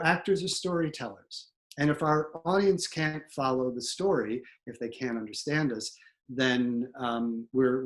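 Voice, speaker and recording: A middle-aged man, a theatre professor, giving a talk to acting students with frequent ums and repeated words. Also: mid-range voice. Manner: explanatory, with fillers and repeated words. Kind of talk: instructional talk.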